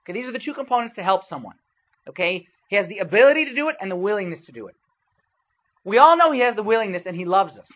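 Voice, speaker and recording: Recorded with lo-fi sound, a man with a high-pitched, fairly bright voice preaches casually to young people in a church hall. The youth preacher keeps it conversational, quizzing listeners and checking in with "okay?" again and again.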